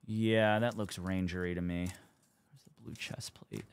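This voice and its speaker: A man's voice: sits low, fairly even intonation, measured pace, creaky, a little hiss or hum. A young man hosting a live card break stream, chatting casually as he calls out cards and teams.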